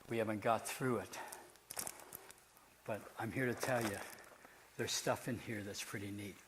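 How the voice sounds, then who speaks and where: A man's voice: mid-range voice, noisy background. A man preaching to a live audience, telling a story in an earnest, emphatic way. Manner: earnest, emphatic speaking to a crowd. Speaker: preacher and ventriloquist.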